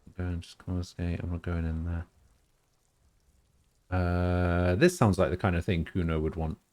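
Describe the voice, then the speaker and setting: A man's voice: sits low, fairly even intonation, unhurried, a little mellow, no echo. A man streaming a video game live, chatting casually and joking at his own expense. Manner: joking, self-mocking, laughs often.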